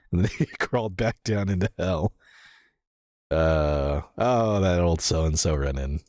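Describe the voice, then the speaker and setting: A man's voice: a bass voice, moderate pace, a little mellow, dry recording, clean studio sound. A man streaming a game, chatting casually with viewers and reading out their messages, laughing often and swearing casually, with lots of fillers. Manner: rambling, with fillers and self-corrections.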